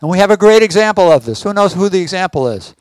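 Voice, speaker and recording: High-voiced man teaching a congregation. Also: expressive, quick pace, no echo. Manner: asks the audience check questions. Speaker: Messianic teacher. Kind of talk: teaching sermon.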